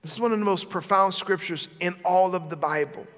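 High-voiced male preacher in a reverberant hall. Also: fairly quick. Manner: dynamic preaching, swinging from loud to hushed. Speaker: pastor. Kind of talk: sermon.

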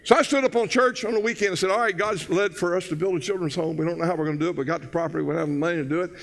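Older male pastor, high-voiced, excitable storyteller. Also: rapid-fire, creaky. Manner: excitable, loud bursts, folksy storytelling. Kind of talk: sermon.

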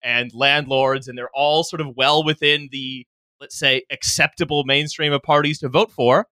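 A man's voice: medium pitch, steady tone, moderate pace, pushed and bright, dry recording. A man from Canada hosting a podcast in casual, chatty talk and laughing easily. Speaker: podcast host. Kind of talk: casual chat.

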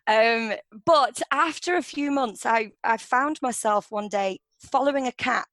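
A woman from England, a veterinary nurse talking as a podcast guest, animated and laughing often, with many ums. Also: a little high, a little slow, no echo. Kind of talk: casual interview chat.

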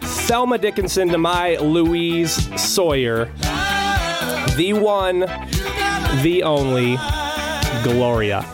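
Laid-back joking man, slow and lively. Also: a little high, over loud music. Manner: joking, laughs often, swears freely. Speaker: podcast co-host. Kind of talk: casual chat.

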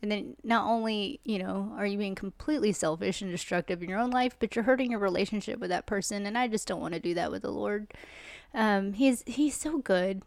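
A woman's voice: mid-range voice, brisk, vocal fry, darkish tone, no room sound. A woman in her forties hosting a podcast, giving an earnest, conversational Bible talk. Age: 40s. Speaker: podcast host. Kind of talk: casual devotional Bible talk.

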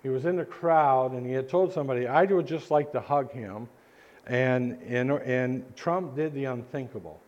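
A male pastor preaching a sermon in a church, earnest and halting, with frequent restarts. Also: mid-range voice, a little mellow, dull audio. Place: church sanctuary.

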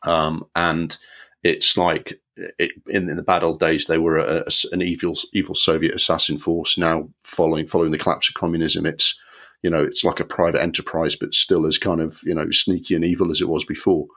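A man's voice: extremely low pitch, level tone, brisk, fairly bright tone. A man co-hosting a podcast, giving opinionated film reviews in casual chat with frequent restarts. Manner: opinionated, rambling with many restarts. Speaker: podcast co-host.

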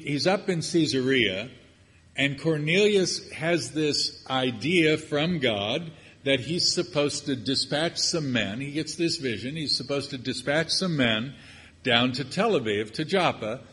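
A man's voice: mid-range voice, a bit bright, husky. An older man preaching a sermon, with joking, conversational asides as he teaches from scripture. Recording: long hall reverb.

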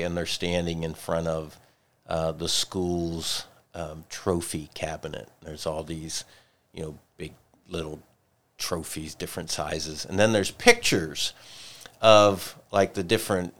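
A man co-hosting a church discussion podcast, retelling a story in a thoughtful way and circling back to repeated questions. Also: low-pitched. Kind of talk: reflective faith discussion.

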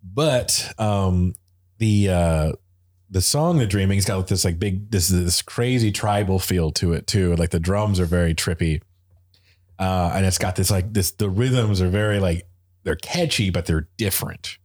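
A man with a very deep, low voice chats casually about music. He rambles with enthusiasm, full of fillers and restarts. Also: unhurried, darkish tone.

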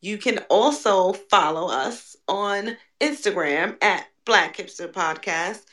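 A woman's voice: medium pitch, slow, a bit bright. A woman co-hosting a podcast in casual chat, playful and laid-back, with frequent ums. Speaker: podcast co-host.

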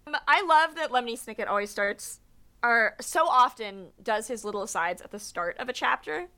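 A woman's voice: on the high side, expressive, moderate pace, pushed and bright. A young woman co-hosting a podcast, chatting casually and enthusiastically about books and laughing often. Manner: giggly, enthusiastic. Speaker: podcast co-host. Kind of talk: casual book discussion.

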